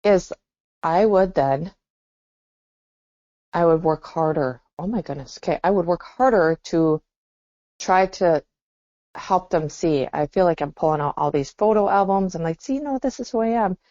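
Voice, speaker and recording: A woman's voice: low voice, unhurried, pauses often, darkish tone, dry recording. A woman co-hosting a podcast, talking in a reflective, exclamatory way. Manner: reflective, exclaims and laughs often. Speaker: podcast co-host. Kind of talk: casual chat. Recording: dull dry lo-fi sound.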